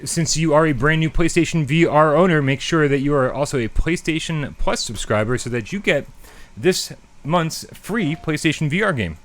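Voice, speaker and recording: A man's voice: fairly high pitch, animated, normal speed, a bit bright. A man co-hosting a live gaming stream, rambling casually with lots of restarts and fillers. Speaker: podcast co-host.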